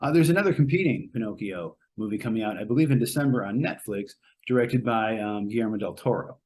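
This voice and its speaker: A man casually reviewing a movie on a podcast, rambling and hesitant, with many pauses and fillers. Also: fairly low pitch, a little mellow. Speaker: podcast co-host reviewing a film. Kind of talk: casual spoken film review.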